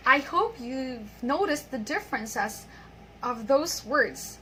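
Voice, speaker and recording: A woman teaching an online English pronunciation lesson, patiently reading example sentences and repeating them slowly. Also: sits high, lively intonation, pushed and bright, slight background noise, poor audio.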